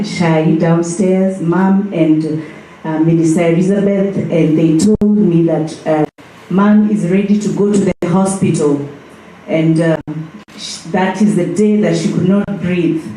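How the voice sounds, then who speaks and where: Woman, halting storytelling, far from the mic, heavy hall echo. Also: fairly low pitch, mellow, slight background noise. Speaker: memorial speaker. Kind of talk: personal remembrance. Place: church hall.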